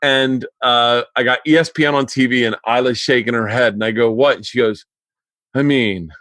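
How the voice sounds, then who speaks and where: A man's voice: mid-range voice, normal speed, a bit bright, no echo. A man hosting a podcast, telling family stories in casual chat, laughing easily and calling his guest dude. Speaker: podcast host.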